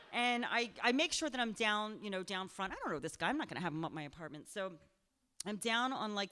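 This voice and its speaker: A young woman telling a funny personal story on stage, chatty and self-deprecating, full of fillers and quick laughs. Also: mid-range voice, pushed and bright. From Pennsylvania. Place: live show in a cultural center.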